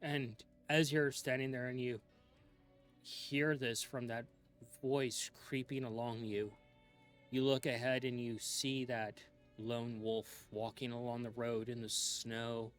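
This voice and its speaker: A man slowly narrating a dark scene as game master of a tabletop role-playing game, in a hushed, drawn-out storytelling manner. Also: medium pitch, little pitch movement, soft background music.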